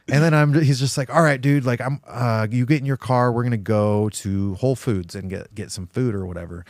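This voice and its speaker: A man hosts a casual podcast conversation and spins animated, profane stories, acting out the lines of the people in them. His voice sits at an ordinary middle pitch. The room sounds dry, with no echo. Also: brisk. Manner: animated storyteller, swears a lot, acts out quotes. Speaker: podcast host. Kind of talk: casual chat.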